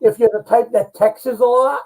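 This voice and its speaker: A man's voice: extremely high pitch, steady tone, moderate pace, poor audio. A man co-hosting a casual live-stream chat, giving folksy selling advice. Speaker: co-host.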